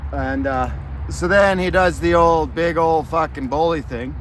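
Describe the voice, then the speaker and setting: A man's voice: fairly high pitch, a little slow, fairly bright tone, slight background noise. A man telling a story in a casual, profane and rambling way, angry as he talks. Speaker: vlogger.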